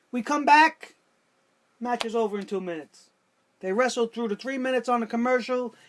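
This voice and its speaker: A man's voice: very high-pitched, fairly bright tone. Exasperated ranting male wrestling show host. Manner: exasperated, sarcastic, rhetorical questions; profane. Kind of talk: ranting review.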